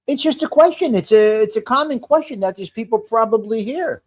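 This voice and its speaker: Rambling, high-voiced man in his fifties. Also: expressive, fairly quick, hardly any pauses. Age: 50s. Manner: rambling, greets viewers by name, restarts sentences. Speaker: livestream host. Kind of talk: casual live-stream chat with viewers. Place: home.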